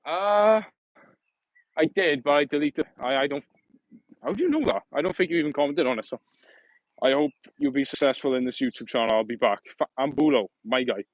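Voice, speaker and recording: Brief: young man, mid-pitch, live-stream banter on a phone while walking, dry close sound. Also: no echo, dull audio. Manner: chatty, joking, reads and answers viewer comments. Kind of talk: casual live-stream chat. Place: outdoors, walking.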